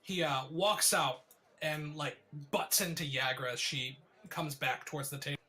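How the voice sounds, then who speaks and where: Male game master, bright forceful voice, vivid descriptive narration with filler pauses. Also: on the high side, faint music behind.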